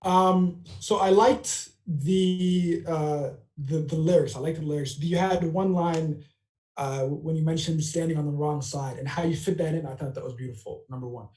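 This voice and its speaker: A man giving a judge's feedback over a video call, halting with many fillers. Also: on the high side, fairly even intonation, mellow. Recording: echoey room on a call.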